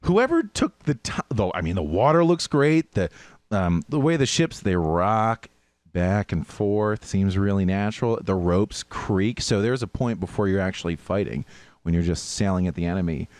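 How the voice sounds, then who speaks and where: A man hosting a podcast, telling gaming stories in a lively way and mimicking sounds from the game. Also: low voice, moderate pace, no echo. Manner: animated storyteller, mimics game sounds and voices. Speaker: podcast host. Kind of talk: casual gaming chat.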